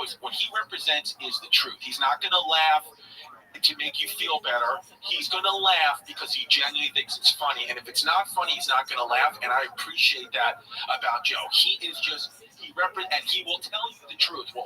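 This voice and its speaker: A man telling a candid, animated story about his own experiences in casual talk. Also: a little high, recorded from a distance, poor audio.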